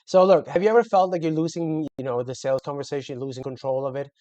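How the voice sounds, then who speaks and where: Male sales coach, casual talk to camera, mellow timbre on the high side, restarts often. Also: fairly even intonation, fast, muffled recording. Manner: loose and conversational, many fillers and self-corrections.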